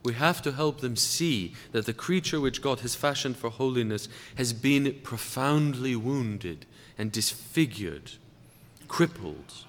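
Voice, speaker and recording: A man giving a sermon-style lecture to clergy, speaking deliberately and slowing down to stress key words. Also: medium pitch, expressive. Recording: long reverb of a large hall.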